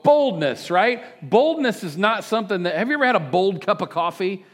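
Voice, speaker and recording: Guy preaching, kinda high pitched, animated, cracks jokes, gets the church to say stuff back. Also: quick pace. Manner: animated, joking, prompts congregation to respond. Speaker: pastor. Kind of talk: sermon. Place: church service with congregation.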